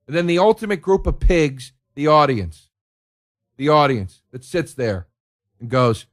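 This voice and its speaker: A man's voice: a little high, very animated, measured pace. Sarcastic, profane ranting man. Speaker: comedian podcast host. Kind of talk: solo comedic rant.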